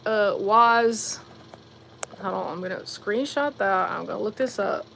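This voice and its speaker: A woman's voice: medium pitch, gravelly, a bit bright, slight background noise. Chatty woman livestreaming to her chat. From Virginia, USA. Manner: reflective, talks straight to chat, quick asides and fillers. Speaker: livestream host. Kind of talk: casual livestream chat, reading viewer comments.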